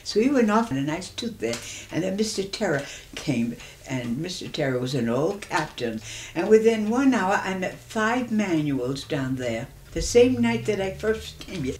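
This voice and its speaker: A woman in her eighties reminiscing in an oral history interview, telling her stories in a lively way and acting out the dialogue. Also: fairly low pitch, measured pace, a little hiss or hum. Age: 80s. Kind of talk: reminiscing storytelling.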